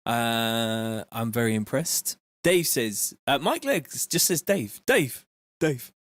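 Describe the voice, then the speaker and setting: A man chatting casually on a live stream, reading out viewer messages in a relaxed, slangy way from his home studio. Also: medium pitch, slow, no room sound. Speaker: music producer streaming live.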